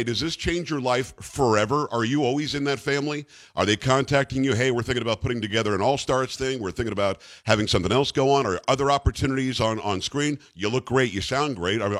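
An American man hosting a talk show interview, chatty and rambling, full of fillers and restarts. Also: mid-range voice. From United States. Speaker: radio talk show host.

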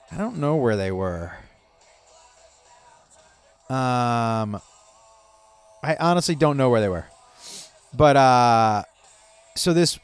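A man hosting a comedy podcast, telling stories in a profane, animated way and laughing at his own jokes. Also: medium pitch, clear, resonant tone. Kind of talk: casual comedic monologue. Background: faint rock music playing.

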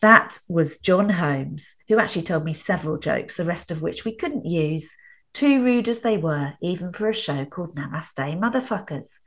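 A woman's voice: on the low side, animated, normal speed, a bit bright. Woman host linking radio segments. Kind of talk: radio presenting.

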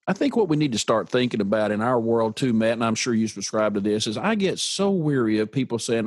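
Male podcast host, lively storyteller who voices the people he quotes, dry sound. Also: mid-range voice, fast, hardly any pauses, no echo. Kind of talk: podcast interview.

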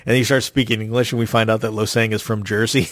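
A man's voice: fairly low pitch, level tone, fast, a bit bright, no echo, studio quality. A man hosting a casual podcast recap, retelling the plot with frequent ums and restarts. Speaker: podcast host.

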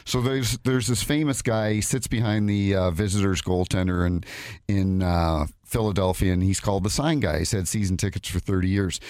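A man's voice: low voice, fairly even intonation, moderate pace, darkish tone, clear, resonant tone, no echo. A man in his fifties, a former hockey referee, telling stories in a casual radio studio interview and often repeating his words. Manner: chatty, tells anecdotes, repeats words. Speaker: guest, former NHL referee.

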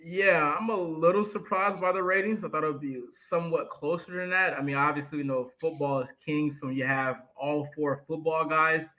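A man co-hosting a sports podcast, talking in a relaxed, chatty way and laughing often. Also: on the high side, moderate pace, few pauses, rough recording. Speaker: podcast co-host. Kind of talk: casual sports podcast chat.

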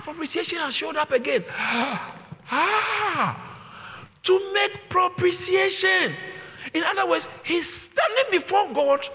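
A male pastor preaching with passion, swinging from low murmurs to shouted refrains and repeating phrases for emphasis. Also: long reverb tail, slight background noise. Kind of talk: sermon.

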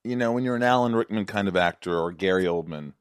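A man's voice: low voice, fast talker, smooth, no room sound, studio quality. A man hosting a podcast, asking jokey, probing questions. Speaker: podcast host. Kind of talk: casual podcast interview.

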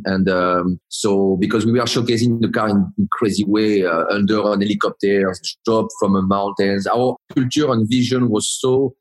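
A man in his forties speaking with a strong French accent, his voice sitting low. He talks in a halting, searching way, full of fillers and restarts, as a guest on a podcast. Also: low-quality recording. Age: 40s. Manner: hesitant, many restarts and fillers. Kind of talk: casual interview talk.

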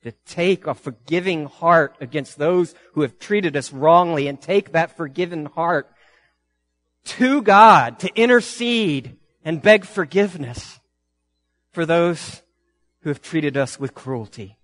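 A pastor preaching a sermon in a church, reading scripture in a deliberate, earnest way and rising with emphasis. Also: male voice, fairly high pitch, animated, a bit bright, soft background music.

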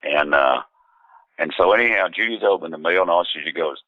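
A man's voice: low voice, fairly quick, no echo, lo-fi sound. A man, a musician, telling a rambling story in a laid-back way, full of fillers and restarts. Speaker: musician guest. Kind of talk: casual anecdotal storytelling.

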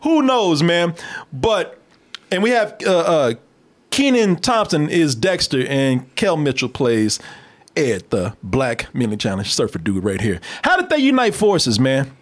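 A man hosting a casual, comedic film review podcast who talks in an animated way, laughs often and swears freely. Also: fairly high pitch, unhurried.

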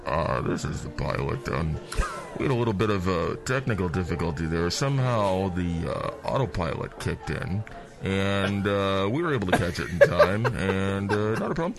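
A man voicing a smooth, unflappable airline pilot who talks in a slow, low drawl full of "uh"s, as part of an improvised comedy bit. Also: animated. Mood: calm. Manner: smug, self-satisfied.

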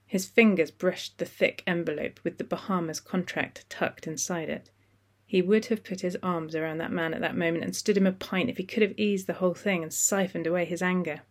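Calm steady narrator reading a novel, middle pitch, measured. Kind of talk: audiobook narration.

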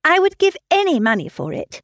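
A woman voicing a lively, self-assured young lady, bright and animated in tone. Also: very high voice, fairly quick, dry recording, clean studio sound, voice pushed up, full character voice. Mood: enthusiastic. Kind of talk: audiobook character reading.

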